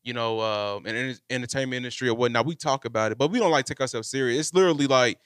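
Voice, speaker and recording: A man hosting a podcast, speaking quickly with a bright, clear edge and a slightly high voice. His talk is loose and slangy, full of "you know what I mean". The studio mic sounds dry and close. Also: no echo. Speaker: podcast host. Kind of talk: casual group chat. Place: podcast studio in a cosmetics shop.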